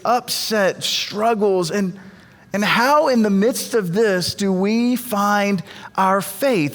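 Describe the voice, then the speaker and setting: Pastor, male, high-pitched, chatty sermon delivery with restarts, echoing church sound. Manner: conversational storytelling with frequent repeated words. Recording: long reverb of a church hall.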